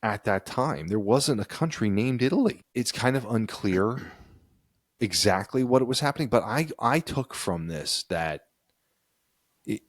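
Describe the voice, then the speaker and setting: Podcast co-host, very low voice, dry close sound, meandering casual talk. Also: male voice, animated, a little slow, dry recording. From United States. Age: adult, a parent. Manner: rambling, thinks aloud with restarts. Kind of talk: casual chat.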